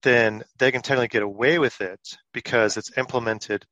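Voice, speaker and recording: A man's voice: medium pitch, steady tone, brisk, pushed and bright, no echo, highs cut off. A man speaking as a guest on a talk show, explaining in a hesitant way with frequent fillers. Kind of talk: casual interview.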